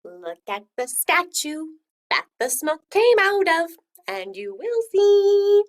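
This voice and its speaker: Sing-song storybook creature, high and teasing, voiced by a woman. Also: big pitch swings, takes it slowly, exaggerated voice.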